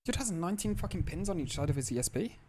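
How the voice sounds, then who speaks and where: Lively profane male streamer muttering. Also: high voice, quick pace. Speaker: livestreamer. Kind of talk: casual livestream talk while tinkering.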